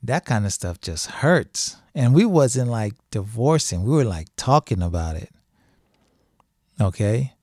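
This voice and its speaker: A middle-aged man talks at an unhurried, deliberate pace, his voice warm and mellow. He speaks casually but firmly, leaning on repeated phrases to drive points home. The sound is dry and close, with no room echo. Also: lowish voice, sing-song. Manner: conversational, emphatic, repeats phrases for stress. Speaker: podcast host speaking on divorce and grief. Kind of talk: casual monologue.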